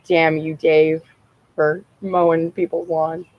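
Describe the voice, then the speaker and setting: Outdoors, a young woman vlogs a rambling story in a deep voice at a slow pace, keeping it casual, profane, and animated. She laughs often, and the audio is dull.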